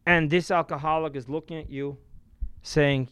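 A man, a rabbi, giving a sermon to a live audience in a room, telling stories and shifting from loud emphasis to quiet asides. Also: a little high, fairly even intonation, moderate pace, smooth.

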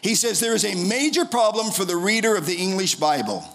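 A middle-aged man preaching a sermon as pastor in a church, impassioned, swinging from soft, low passages to shouted pleas. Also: animated, brisk.

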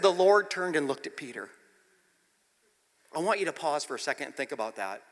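A bright, forceful male preacher delivering a sermon in a large reverberant hall. He tells the story dramatically, acting out the characters' lines and moving between near-whispers and shouts. His voice sits a little higher than most men's. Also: big pitch swings, a little fast, long pauses. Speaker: pastor.

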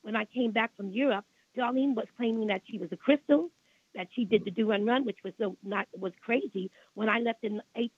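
Here a radio interview guest, an older woman with a Brooklyn accent, wanders through lengthy anecdotes, circling back to things she's already said and airing indignation about the past. Her slightly rough, a-little-high voice carries no echo over a tinny phone line.

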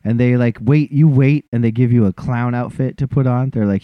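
A man's voice: mid-range voice, a little fast, few pauses, dry recording, lo-fi sound. A man telling a funny, self-deprecating story in a casual chat and acting out what other people said.

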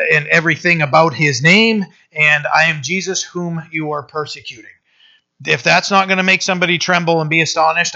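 A man's voice: a little high, bright, forceful tone, dull audio. A man preaching a sermon, reading scripture aloud and explaining it in a loose, conversational way that keeps asking the room "right?".

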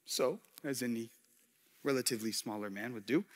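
A man's voice: medium pitch, a little fast, long reverb tail. A man preaching a casual, story-driven sermon with slang and jokey asides in a church.

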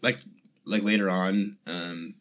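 A man's voice: low-pitched, steady tone, slow, a bit bright. A man co-hosting a podcast, recapping an episode in a loose, rambling way. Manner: rambling, many restarts and fillers. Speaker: podcast co-host. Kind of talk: casual chat.

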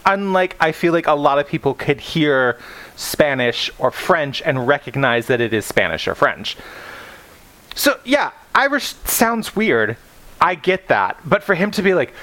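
Chatty male podcast co-host, animated rise and fall, salty language, off-the-cuff book talk. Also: a little high, unhurried. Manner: animated, swears freely, wanders off on tangents. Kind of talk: casual book discussion.

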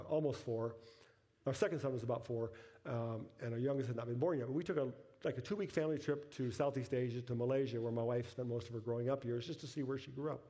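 Pastor preaching with rising emphasis. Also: male voice, medium pitch. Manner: storytelling, rising to emphatic peaks then dropping soft. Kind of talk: sermon.

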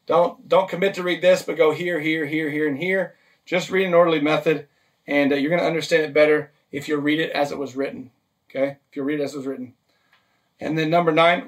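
A man's voice: fairly high pitch, distant mic. A man preaching a sermon, a pastor teaching step by step and checking in with "okay?" and "right?". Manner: practical, list-driven teaching with frequent "okay?" and "right?" check-ins.

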